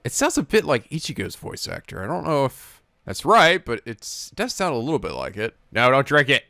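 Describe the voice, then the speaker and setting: A man hosting an anime reaction, excitable, breaking into frequent laughs and exclamations. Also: on the high side, vocal fry, no room sound, studio quality.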